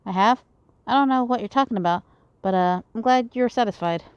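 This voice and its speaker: A woman voicing an earnest, open-hearted young man who speaks sincerely and a little haltingly. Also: on the high side, clear, resonant tone, dry recording, dull audio, pitched above the performer's own voice, close to an everyday voice. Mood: puzzled.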